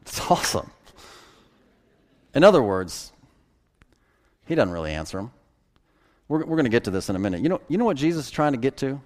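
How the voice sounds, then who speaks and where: A man's voice: mid-range voice, sing-song, a little fast, long pauses, a little mellow. A man pastor preaching a conversational sermon, with sudden emphatic bursts.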